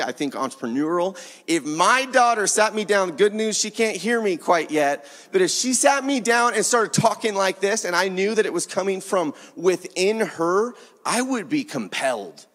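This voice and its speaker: A man's voice: high-pitched, a bit bright. A man preaching a sermon in an earnest, conversational way, acting out bits of dialogue. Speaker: pastor. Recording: long reverb of a hall.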